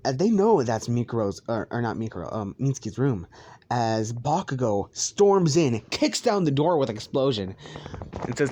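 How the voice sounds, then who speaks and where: A man's voice: mid-range voice, big pitch swings, unhurried, darkish tone. A young man improvising a crude fan story, rambling, swearing and stumbling over names.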